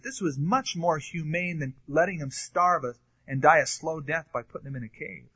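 A man's voice: a little high, expressive, moderate pace, hardly any pauses, a bit bright, slightly rough. A man teaching a sermon verse by verse, reading scripture aloud and then commenting on it in a conversational way, with occasional fillers. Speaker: pastor. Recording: dull lo-fi recording.

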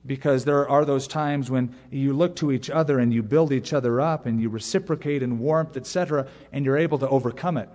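A middle-aged man preaching a sermon as a pastor, earnest, with pauses and sudden emphatic rises. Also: medium pitch, steady tone, darkish tone. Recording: long reverb of a large hall.

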